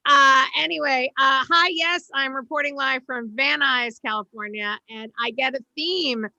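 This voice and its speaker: A woman's voice: sits high, normal speed, sharp tone, dry recording, muffled recording. A woman from Boston doing a brash, self-deprecating stand-up set on a video call from home. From Boston, USA. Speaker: stand-up comedian.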